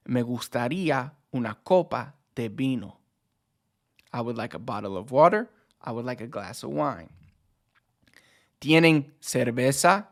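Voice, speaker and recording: Laid-back man teaching a language. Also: medium pitch. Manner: relaxed, explains with fillers like "so" and "like". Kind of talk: casual language lesson.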